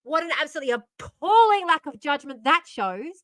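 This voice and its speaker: A woman's voice: sits high, sing-song, fairly quick, hardly any pauses, a bit bright, no echo, studio quality. A woman hosting a stream, ranting in exasperation and swearing as she reacts to the news. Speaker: streamer host.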